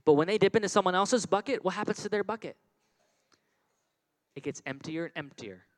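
Give me an animated male children's pastor with a fairly high voice, quizzing kids during a sermon. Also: a little fast, rough recording. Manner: animated, repetitive, call-and-response with kids.

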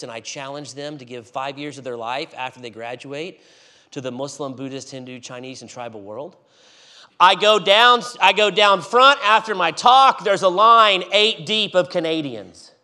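A man preaching in a church, telling a story with animated swings between loud and hushed delivery. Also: on the high side, normal speed. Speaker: guest preacher. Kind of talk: storytelling sermon.

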